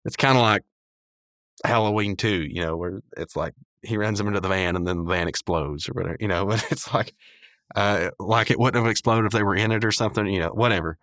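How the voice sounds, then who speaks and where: A man's voice: on the low side, fairly quick, a bit bright, dry recording, studio quality. A man hosting a podcast, recapping a cartoon episode in a loose, rambling way, full of fillers and little chuckles. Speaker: podcast host.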